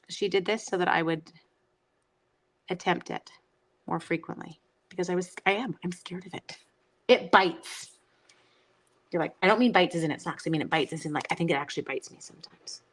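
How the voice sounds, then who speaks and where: A woman's voice: fairly low pitch, moderate pace, long pauses, fairly bright tone, rough recording. A middle-aged woman hosting a casual crafting livestream, chatting and teasing herself while answering viewer comments.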